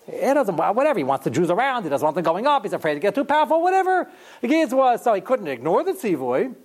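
A man with a fairly high voice teaches a Torah class in easy, talky tones. He is animated, his pitch jumps up when he plays out the people he quotes, and he scatters in asides and fillers. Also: fast. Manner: animated, lively rises in pitch, acts out quotes. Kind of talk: informal Torah lesson.

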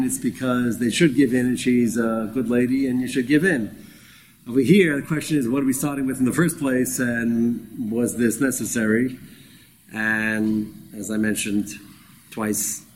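A man's voice: medium pitch, a little hiss or hum, low-quality recording. Teacher, male, informal study-group lecture, dry humor, middle register. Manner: conversational and wry, acts out quoted speakers. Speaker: Torah class teacher. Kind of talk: informal Bible class lecture.

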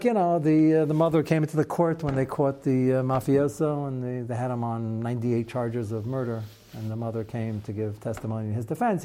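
A man teaching a Talmud class, mixing Hebrew terms into a lively lecture and acting out quoted exchanges. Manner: animated, acts out quoted exchanges with shifting pitch.

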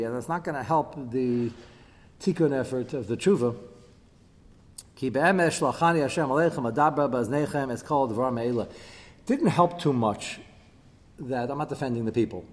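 A man teaching a text-study class, animated, his voice jumping up whenever he quotes and chants verses. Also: mid-range voice. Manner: animated, voice leaping up when quoting and chanting verses. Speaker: Bible teacher. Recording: long hall reverb.

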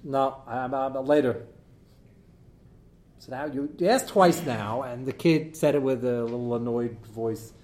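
A middle-aged man teaching a live class as its rabbi, animated and joking, with many fillers as he digresses. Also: medium pitch, normal speed, hardly any pauses, reverberant. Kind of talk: live lecture to an audience.

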